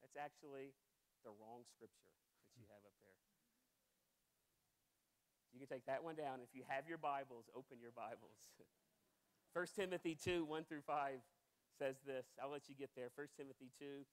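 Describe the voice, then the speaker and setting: A man's voice: medium pitch, normal speed, pauses often. A man in his thirties preaching a sermon with passion, often repeating words as he builds intensity. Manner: impassioned, repeats words when worked up.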